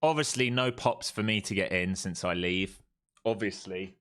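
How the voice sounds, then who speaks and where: Man giving live trading commentary, low voice. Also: normal speed. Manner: swings from calm chart talk to exasperated outbursts at the market. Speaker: live-streaming day trader.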